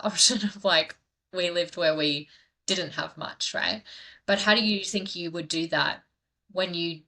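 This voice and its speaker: A woman's voice: fairly low pitch, creaky, pushed and bright. A woman hosting a podcast, thoughtful and affirming in casual conversation. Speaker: podcast host.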